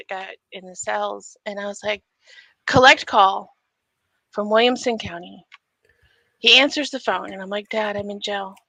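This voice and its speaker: A woman telling a story on a casual stream, animated and acting out quotes with frequent laughs. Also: mid-range voice, gravelly, no room sound, low-quality recording.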